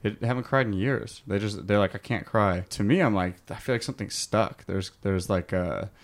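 A man's voice: lowish voice, moderate pace. A young man hosting a podcast with his father, talking in an easygoing, open way. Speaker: podcast host. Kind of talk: casual podcast chat.

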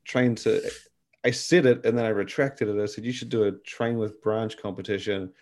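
A man hosting a podcast, chatting in a relaxed, loose way. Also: lowish voice, normal speed, slight background noise. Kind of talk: casual chat.

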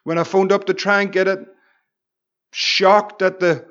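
A Northern Irish man, a pastor, preaching a Bible study with fervent exclamations and slow, emphatic repetitions. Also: high voice, level tone, fairly bright tone, muffled recording.

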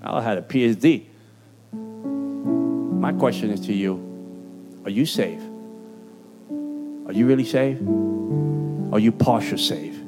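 A man's voice: slow pace, long pauses. A man with a Puerto Rican accent preaching an emphatic, streetwise sermon with an altar call. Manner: emphatic, streetwise, jumps in pitch for punchlines. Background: guitar music.

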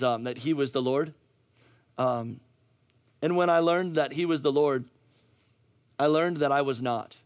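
A middle-aged male pastor preaching a sermon with a hoarse, worn voice, swinging from casual asides to fired-up, near-shouted emphasis. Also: medium pitch. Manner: energetic, rising to near-shouting, conversational asides. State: hoarse, losing his voice.

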